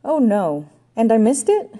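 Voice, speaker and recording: A woman voicing an excitable male park ranger who talks in an eager, flustered way. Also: a little high, a little slow, pitched above the performer's own voice, exaggerated voice.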